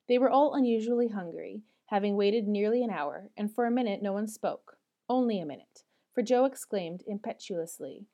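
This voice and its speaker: A woman narrating a classic novel in a measured, expressive audiobook reading. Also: medium pitch.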